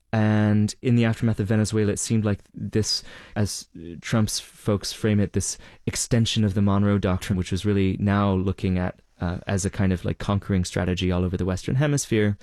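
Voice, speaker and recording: A man answering interview questions as a reporter, measured and explanatory, with occasional fillers. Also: fairly low pitch, warm tone, no echo, clean studio sound. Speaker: reporter guest.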